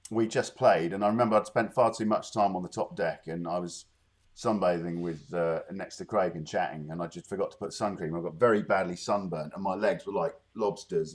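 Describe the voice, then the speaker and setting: A man's voice: low voice, a little mellow. A middle-aged man, a guest musician, rambling through a story with many fillers in casual podcast chat.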